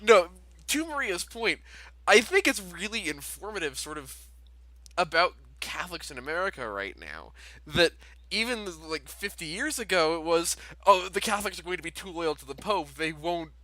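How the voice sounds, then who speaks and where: A giggly, expressive woman co-hosting a podcast in casual chat. Her pitch swings widely and her tone is bright. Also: moderate pace, dry recording, low-quality recording. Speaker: podcast co-host.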